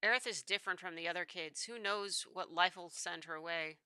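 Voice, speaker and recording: A woman's voice: lowish voice, fairly quick, bright, forceful tone, smooth, no echo, voice pushed down. A woman voicing a young mother who affectionately teases her husband. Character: warm teasing young mother.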